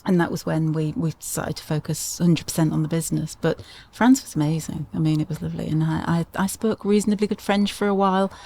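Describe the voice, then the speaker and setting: Chatty middle-aged woman, lower voice. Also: fairly even intonation, brisk, creaky, few pauses, dark tone. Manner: chatty, laughing storyteller with frequent restarts. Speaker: podcast guest. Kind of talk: casual interview chat.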